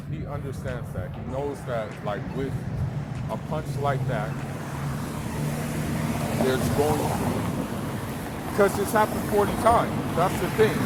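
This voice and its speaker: A man giving casual, slangy, emphatic boxing commentary, recorded outdoors near traffic. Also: a little high. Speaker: sports commentator. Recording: loud background noise.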